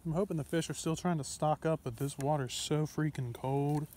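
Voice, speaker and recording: Excitable young man fishing outdoors. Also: a little high, moderate pace, a little hiss or hum. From Ohio, USA. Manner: excitable, talks to himself and viewers, frequent exclamations. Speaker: fishing vlogger. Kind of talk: casual outdoor fishing vlog. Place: outdoors by a pond.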